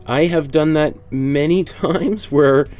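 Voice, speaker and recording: A man's voice: a little high, takes it slowly, darkish tone, faint music behind. A man with a cold teaching a painting class. He talks in a chatty way and explains each step as he works. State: congested with a cold. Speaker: art instructor. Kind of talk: casual painting demonstration.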